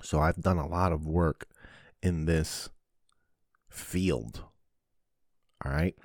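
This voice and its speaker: A podcast host with a very low voice, recorded dry and close to the mic. He talks in a loose, blunt monologue, swearing often and acting out the scenes he describes. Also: slow pace, no echo. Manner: blunt, profane, animated storytelling. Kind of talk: casual monologue.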